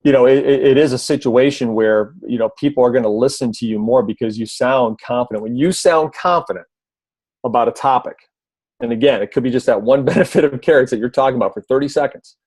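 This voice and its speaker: A man's voice: mid-range voice, fast talker, breathy edge, no room sound. A man giving casual video tips on a team call, conversational, with many fillers and restarts. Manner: briefly mimics a loud announcer voice. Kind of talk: casual instructional talk.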